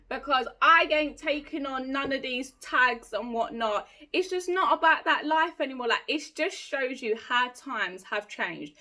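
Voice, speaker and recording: Bright-voiced Essex woman, chatty storyteller. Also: sits high, a little slow, few pauses. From England. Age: late 20s. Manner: animated, mimics voices, laughs often. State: runny nose. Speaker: podcast host. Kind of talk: casual storytelling chat.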